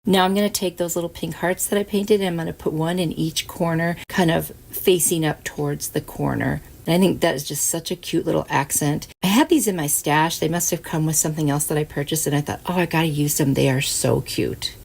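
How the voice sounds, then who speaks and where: A woman's voice: low-pitched, brisk, gravelly, few pauses, slightly rough. A woman hosting a craft channel, chatting casually through each step of a DIY tutorial voice-over. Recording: soft music behind.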